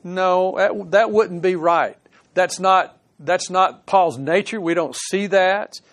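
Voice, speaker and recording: A man delivers a sermon in a somewhat high voice, earnest and plain-spoken. He reads scripture aloud and comments on it, pushing up for emphasis and then dropping into soft conversational asides. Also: slow. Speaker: pastor.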